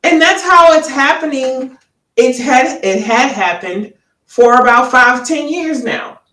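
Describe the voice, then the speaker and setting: Woman, talk show panelist, blunt and persistent, fairly high voice, roomy sound, distant mic. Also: takes it slowly, bright, forceful tone. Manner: persistent, lays out hypotheticals, blunt and profane. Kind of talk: casual panel debate.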